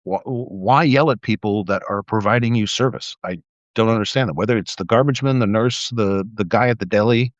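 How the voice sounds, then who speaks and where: A man's voice: on the low side, fairly quick, no room sound. A middle-aged man talking casually on a live stream, telling stories and acting out quoted people in a raised voice. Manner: animated storytelling, acts out quotes in a raised voice. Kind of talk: casual monologue. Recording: slightly dull lo-fi sound.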